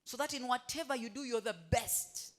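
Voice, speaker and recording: A woman's voice: a little high, moderate pace. Woman quizzing a staff audience. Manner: asks the room questions and has them finish her sentences. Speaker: motivational speaker. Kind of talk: staff training talk. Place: hotel staff meeting room.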